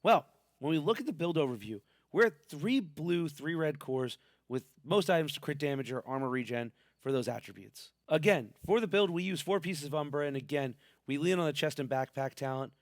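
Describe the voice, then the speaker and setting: A man's voice: fairly high pitch, animated, brisk, no echo, clean studio sound. A man hosting a game build video, talking in a hyped, playful, slangy way, with a sick voice. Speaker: gaming channel host. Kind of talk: casual game build commentary.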